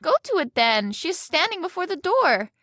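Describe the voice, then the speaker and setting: A woman's voice: very high voice, big pitch swings, normal speed, fairly bright tone, dry recording, clean studio sound, pitched above the performer's own voice, heavily acted. A woman narrator voicing a magical wish-granting flounder in a storybook reading. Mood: calm.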